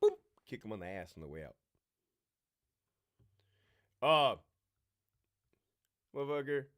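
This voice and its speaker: A man's voice: medium pitch, takes it slowly. A middle-aged man hosting a live Q&A, telling stories in a brash, profane way and mimicking the people in them. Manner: brash, swearing, animated storyteller mimicking others. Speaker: livestream host.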